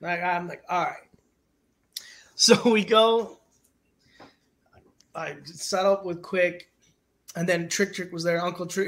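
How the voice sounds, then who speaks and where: A man in his forties, a music manager and guest on an interview show, telling stories in a casual, animated way and laughing often. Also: sits high, measured pace, pauses often.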